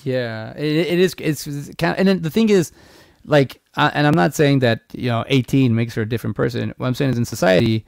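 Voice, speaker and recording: A man on a movie podcast talks fast in a gravelly voice, rambling and swearing freely. He keeps restarting his sentences as he chats casually into a close, dry mic. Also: medium pitch, no room sound. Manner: rambling, loose and profane, with many restarts. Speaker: podcast co-host.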